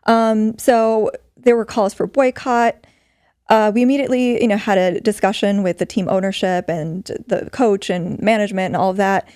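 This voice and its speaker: A middle-aged woman appears as a podcast guest, earnestly telling a story in conversation and using many fillers. Her medium-pitched voice is a little mellow, clear and resonant, with fairly even intonation and a moderate pace, recorded dry in clean studio sound.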